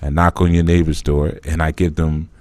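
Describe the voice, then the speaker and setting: A man's voice: rumbling low, little pitch movement, moderate pace, darkish tone, no room sound. A man hosting a live spiritual teaching talk, explaining through a conversational parable that he acts out.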